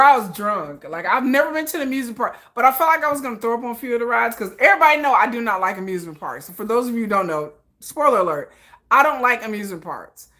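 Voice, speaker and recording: Bright-voiced woman hosting a chatty livestream. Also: mid-range voice. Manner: chatty, laughs often, greets viewers in chat. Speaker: livestream host. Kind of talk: casual livestream chat.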